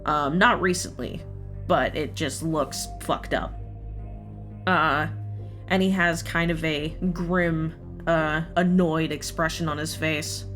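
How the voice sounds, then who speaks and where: A woman's voice: low-pitched, steady tone, takes it slowly, a bit bright, faint music behind. Casual woman narrating as game master. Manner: casual, filler-heavy descriptive narration.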